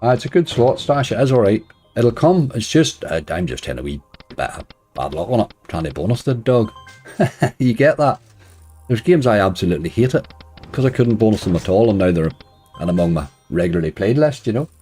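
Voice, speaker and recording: Soft music plays behind a man with a fairly low, slightly rough voice who speaks fairly quickly and very animatedly. He's live streaming a game, welcoming viewers and cracking wry remarks, chuckling quietly at his own jokes.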